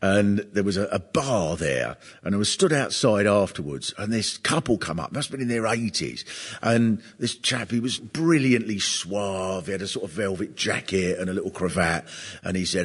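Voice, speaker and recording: Male comedian, husky and animated, spinning comic tales and laughing along as he goes. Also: lowish voice, normal speed. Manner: animated, laughs often at his own stories. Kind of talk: comic storytelling monologue.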